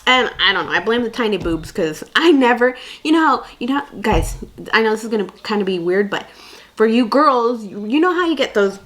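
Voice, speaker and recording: A woman's voice: a little high, expressive, fairly quick, fairly bright tone. A young woman vlogging candid parenting advice in a casual, chatty way, full of fillers and asides. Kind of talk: casual chat to camera.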